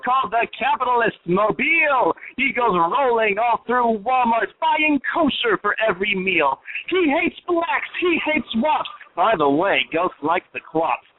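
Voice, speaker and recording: Man, prank caller, mocking rhyme, high voice, tinny phone line.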